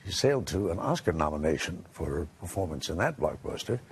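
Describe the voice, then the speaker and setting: A man reading a scripted news introduction as anchor, measured. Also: low-pitched, very animated, a little hiss or hum.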